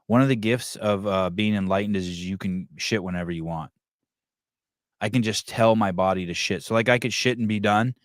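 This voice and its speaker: A man's voice: low-pitched, no echo, studio quality. A man hosting a podcast, chatting casually in a crude, joking way and laughing often. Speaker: podcast host.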